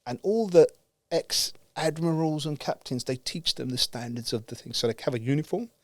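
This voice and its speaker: Animated storytelling man, dry close sound. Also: a little high, moderate pace, no echo. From United Kingdom. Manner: lively, acts out quoted dialogue, laughs. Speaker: guest speaker.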